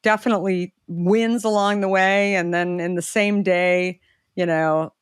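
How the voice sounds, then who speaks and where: A woman's voice: a little slow, smooth, dry recording, studio quality. A middle-aged woman, a guest entrepreneur, telling a story in casual conversation and acting out the people she quotes. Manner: animated, acts out quoted voices with pitch leaps.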